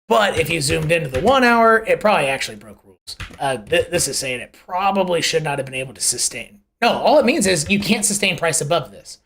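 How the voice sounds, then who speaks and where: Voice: mid-range voice, animated, a little fast, gravelly, hardly any pauses, fairly bright tone. A live show host giving casual, rambling commentary on price charts, often correcting themselves mid-sentence and asking rhetorical questions. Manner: conversational and rambling, with self-corrections; uses homely analogies and rhetorical questions.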